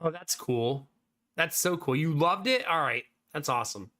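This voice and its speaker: Chatty streamer man, bright voice. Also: fairly high pitch, animated, normal speed. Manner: chatty, answering viewers by name. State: slightly hoarse. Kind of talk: casual live-stream chat. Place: home streaming room.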